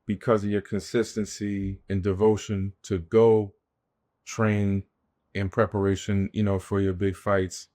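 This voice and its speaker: A man hosting a podcast, asking reflective questions in a measured, supportive way and drawing on faith sayings. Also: lowish voice, level tone, dark tone. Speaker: podcast host. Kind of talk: interview questions with faith references.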